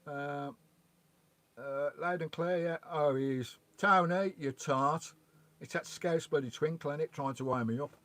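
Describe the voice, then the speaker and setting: A man's voice: on the high side, unhurried, fairly bright tone, dry recording. Man doing a chatty live stream outside by a loch, reading out chat and saying hiya to folks, remote mic. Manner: chatty, greets and reads out viewers' chat messages. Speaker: vanlife livestream host. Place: outdoors by a loch beside his van. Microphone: remote microphone.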